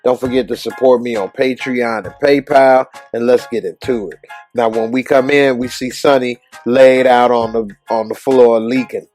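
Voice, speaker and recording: A man's voice: mid-range voice, fairly even intonation, normal speed, darkish tone, soft background music, rough recording. A man hosting a casual episode recap, retelling scenes in loose, slangy talk. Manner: loose, slangy retelling that acts out characters' lines. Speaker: TV show recap reviewer.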